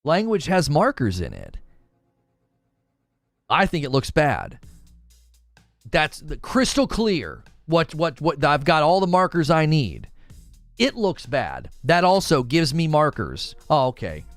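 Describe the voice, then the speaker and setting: A man's voice: a little high, huge pitch swings, unhurried, no echo, soft background music. A man hosting a gaming commentary show, talking casually with his live chat and arguing his point animatedly, often restarting his sentences. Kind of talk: casual livestream talk, answering chat.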